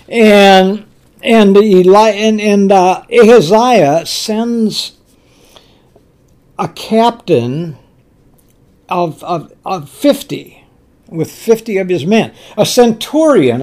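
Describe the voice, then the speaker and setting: A man preaching a sermon with a fairly high voice that swings widely in pitch. He speaks slowly, stumbles and restarts, and works himself up when he plays the angry king. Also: darkish tone. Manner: retells scripture, voicing the king with rising anger; stumbling restarts, repeats words.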